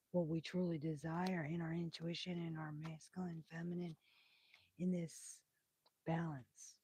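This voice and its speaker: A soft-spoken woman reading tarot on a live stream, with a breathy, whispery voice that drifts into whispers and carries lasting damage from intubation. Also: lowish voice. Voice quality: breathy, whispery, hoarse-edged voice. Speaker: tarot reader.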